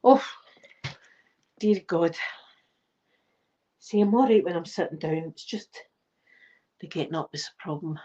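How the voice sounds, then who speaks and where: Speaking at home in a mellow, lowish voice, an older Scottish woman hosts her channel with cheeky, casual chat. She's unhurried and short of breath, leaving long pauses, and the lo-fi audio is slightly dull.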